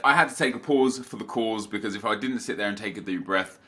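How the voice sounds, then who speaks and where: A man's voice: on the low side, a little fast, sharp tone. A young man hosting his gaming channel from his home office, chatting casually to camera with a slightly stuffy nose, rambling with lots of restarts and asides.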